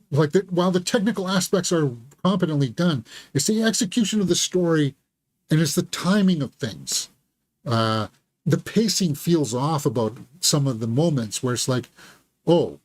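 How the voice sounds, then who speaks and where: A man hosting a live film review, thinking aloud and giving candid, critical verdicts. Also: on the high side. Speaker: movie reviewer and channel host. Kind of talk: live movie review commentary.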